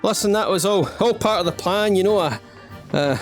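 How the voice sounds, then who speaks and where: A man's voice: sits high, moderate pace, faint music behind. A Scottish man hosting a let's-play, rambling in self-mocking jokes and asides to the viewer while he plays. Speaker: gaming channel host. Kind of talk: playful let's-play commentary.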